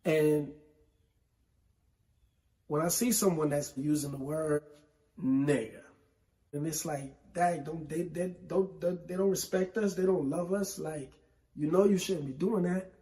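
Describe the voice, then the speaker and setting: A man from New York City hosting a solo hip hop show, with a New York accent, talking slowly and emphatically in casual commentary. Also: a little high, warm tone. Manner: slow, emphatic, conversational with repetition. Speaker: podcast host.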